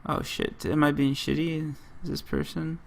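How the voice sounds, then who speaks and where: A man's voice: fairly high pitch, little pitch movement, normal speed, vocal fry. A man from the United States giving rambling gameplay commentary, often breaking off mid-story and leaning on "like.". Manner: rambling, self-interrupting, lots of "like". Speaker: gaming channel host.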